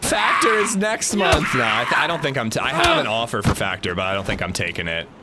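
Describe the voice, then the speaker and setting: A man's voice: fairly low pitch, sing-song, quick pace, heavy background noise. A man in his thirties chatting casually on a game livestream, greeting viewers and joking between gameplay remarks. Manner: chatty, greets chat by name, jokey. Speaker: game streamer.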